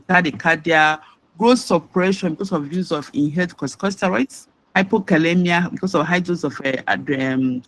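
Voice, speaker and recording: A man gives a pharmacology lecture with a fairly high voice for a man. He delivers it haltingly, restarts now and then, and leans on key words. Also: poor audio.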